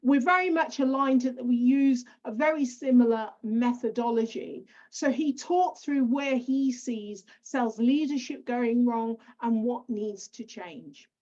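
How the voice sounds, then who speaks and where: A woman's voice: a little high, unhurried, few pauses, a little mellow. British woman podcast host, lo-fi. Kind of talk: podcast interview. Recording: dull lo-fi audio.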